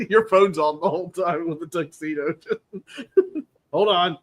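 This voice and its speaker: A man's voice: on the high side, big pitch swings, slow. A man hosting a casual football podcast, playfully spinning joking hypotheticals and laughing often. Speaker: podcast host. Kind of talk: casual sports talk.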